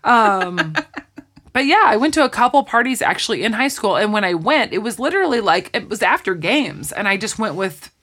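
A woman's voice: mid-range voice, fairly quick. A woman in her forties, casually recapping a TV show and telling stories, acting out the lines she quotes. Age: 40s. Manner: animated storytelling, acts out quotes. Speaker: podcast co-host. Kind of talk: casual chat recapping episodes.

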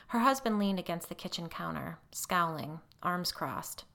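Reading a ghost story as narrator, the woman performs expressively at normal speed with hardly any pauses, her voice creaky, pushed and bright. Character dialogue comes out higher-pitched, while the tags that frame it drop lower.

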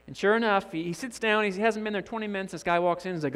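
A man's voice: high-pitched, quick pace, hardly any pauses. Man preaching in a reverberant hall. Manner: animated storyteller acting out characters' lines. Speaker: guest preacher. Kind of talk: sermon storytelling. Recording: long church reverb.

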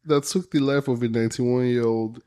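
Man co-host, mellow warm tone, wry quips, casual chat. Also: mid-range voice, fairly even intonation, normal speed. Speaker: podcast co-host.

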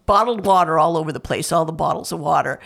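A woman's voice: deep voice, fast talker, vocal fry. A woman, co-hosting a casual podcast and telling teasing stories. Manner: lively teasing storyteller. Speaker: podcast co-host. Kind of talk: casual chat.

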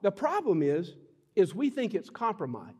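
Middle-aged male pastor, high and lively, jokey sermon delivery, long hall reverb. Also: normal speed, slightly rough. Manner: animated, jokey preaching with laughs and sudden shouts.

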